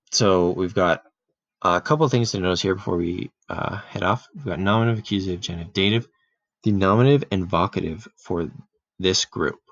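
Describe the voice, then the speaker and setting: A man giving a relaxed, casual grammar lesson, full of fillers and restarts, who often clears his throat. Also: sits low, dry recording. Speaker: Greek teacher. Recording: dull, dry home recording.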